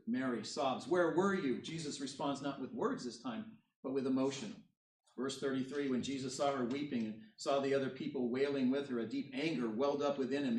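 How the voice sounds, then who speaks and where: A man's voice: mid-range voice, darkish tone, a little hiss or hum. A male pastor preaching a sermon, reading scripture aloud and then explaining it, pressing harder on the key points. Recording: roomy echo, voice from far off the mic.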